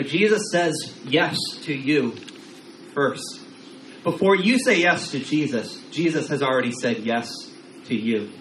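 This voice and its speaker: A man's voice: medium pitch, fairly bright tone. A man preaching a casual sermon as pastor, talking conversationally with frequent repeated words and acted-out quotes. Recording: roomy echo, faint room noise.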